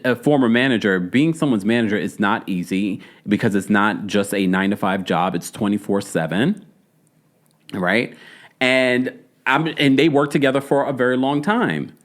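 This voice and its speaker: Speaking with a Jamaican accent, a celebrity news commentator chats casually and playfully with viewers, tossing in laughs and asides. His voice is medium-pitched and animated, at a normal pace.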